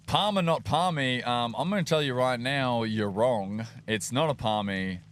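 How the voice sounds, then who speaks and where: A Queensland man with an Australian accent co-hosts a live race stream, trading jokey, teasing banter in casual event commentary. His voice is medium-pitched and unhurried, with slight background noise.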